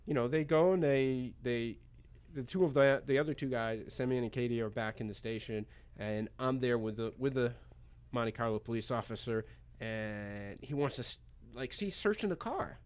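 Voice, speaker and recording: An American man, a poker pro guest on a radio show, telling a story in an animated, chatty way and laughing as he goes. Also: mid-range voice, normal speed, clean tone. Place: radio studio.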